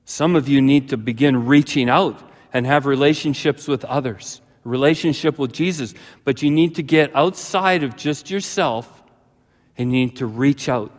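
A man preaching a sermon as pastor, telling a childhood story with lively acted-out voices. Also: normal speed. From British Columbia, Canada. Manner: animated storyteller, jumps to high frantic voices when acting out his childhood self. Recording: long reverb of a large hall.

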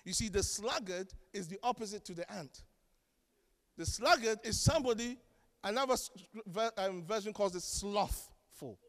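A man preaching a sermon as pastor, animated and joking, acting out the voices of the people he quotes. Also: high-pitched, normal speed, long reverb tail. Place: church.

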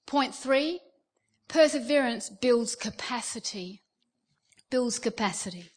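A middle-aged Australian woman with a high voice delivers a sermon. She tells stories with energy and slips into the voices of the people she describes. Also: takes it slowly. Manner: animated storytelling, acting out quoted voices. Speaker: preacher.

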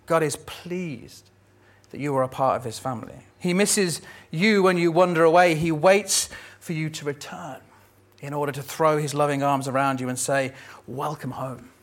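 A male pastor delivering a sermon in a relaxed, conversational way. His voice sits a little high, and he slips in small jokes as he retells a story. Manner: conversational, lightly humorous storytelling.

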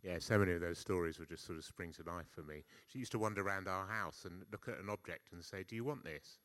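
A man's voice: deep voice, steady tone, quick pace, a bit bright, a little hiss or hum. A man sharing memories at a funeral in a chatty way, turning to the room with tag questions. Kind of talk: funeral tribute, casual anecdote.

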